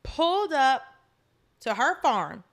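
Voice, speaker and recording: A woman's voice: high-pitched, big pitch swings, takes it slowly. A woman co-hosting a podcast, making sassy, joking comments in casual chat. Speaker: podcast co-host.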